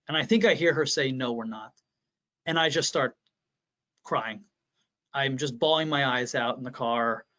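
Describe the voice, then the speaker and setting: A man with a slightly higher voice speaks candidly in a presentation, as a pediatrician sharing his own experience. He is earnest and halting and often restarts his sentences. The audio is dull and lo-fi. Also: fairly bright tone. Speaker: pediatrician presenting to health professionals. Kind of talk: candid first-person storytelling in a presentation.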